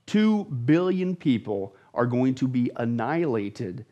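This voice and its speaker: A man's voice: mid-range voice, big pitch swings, a little slow, dark tone, muffled recording. A man, a pastor, explaining Bible prophecy as a guest in an emphatic, dramatic way, repeating words for emphasis. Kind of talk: emphatic Bible teaching in conversation.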